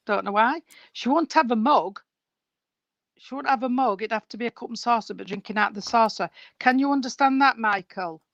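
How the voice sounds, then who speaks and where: A woman's voice: a little high, a little fast, dry recording, muffled recording. Chatty woman medium on a call. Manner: chatty, calls people sweetheart and darling, self-correcting. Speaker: spiritualist medium. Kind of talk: live mediumship reading at an online service. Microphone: video call.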